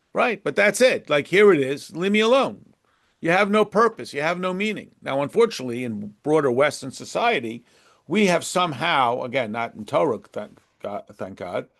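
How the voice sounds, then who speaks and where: A man with a slightly higher voice gives a relaxed Torah lesson. His talk wanders through asides and restarts. He drops in Hebrew phrases, explains them, and briefly acts out small exchanges. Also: gravelly. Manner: chatty and digressive, with frequent restarts and asides; mixes in Hebrew terms and translates them. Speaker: Torah class teacher. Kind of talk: conversational lesson.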